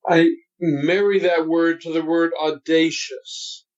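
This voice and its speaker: A man's voice: fairly high pitch, flat delivery. Older man coaching, dull lo-fi sound. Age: 70s. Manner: deliberate, emphatic, instructive. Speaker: voice coach guest. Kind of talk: coaching interview talk.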